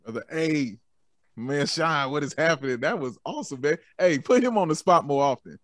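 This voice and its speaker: A man's voice: on the high side, animated, normal speed, fairly bright tone, no room sound, studio quality. A man chatting as a podcast guest in an upbeat, laid-back way, laughing often and calling people "man". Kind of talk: casual chat.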